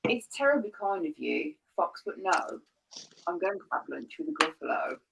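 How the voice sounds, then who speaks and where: A woman's voice: on the low side, very animated, moderate pace, vocal fry, lo-fi sound, background noise, heavily acted. A woman doing a sly little mouse. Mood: cunning. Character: timid but clever little mouse. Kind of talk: reading a picture book aloud. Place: home, livestream.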